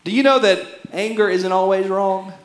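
High-voiced impassioned preaching man. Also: normal speed, echoey room. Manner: impassioned preaching, swings from shouting to hushed. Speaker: pastor. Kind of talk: sermon.

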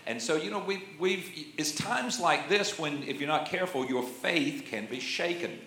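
A man's voice: on the high side, lively intonation, moderate pace, sharp tone, slight background noise. A man in his sixties preaching a sermon as a pastor, folksy and conversational, with jokes and frequent amens. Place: church sanctuary. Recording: roomy church echo.

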